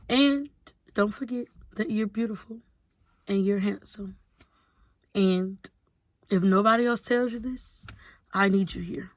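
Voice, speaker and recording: A woman's voice: medium pitch, measured pace, pauses often, dry recording. A young adult woman, talking candidly and rambling on a casual venting vlog. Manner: candid, rambling, heavy use of "like". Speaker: vlogger.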